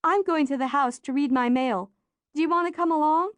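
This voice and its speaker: Lady reading as a bossy little girl, high and excitable, sharp tongue, dry audiobook sound. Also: brisk, dry recording, close to an everyday voice. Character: spirited young girl, quick to tease and scold. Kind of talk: audiobook character voice.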